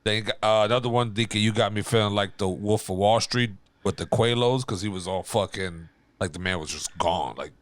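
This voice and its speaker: Low-voiced laid-back podcast co-host. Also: male voice, fairly quick, dry recording. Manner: laid-back, swears freely. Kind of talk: casual chat.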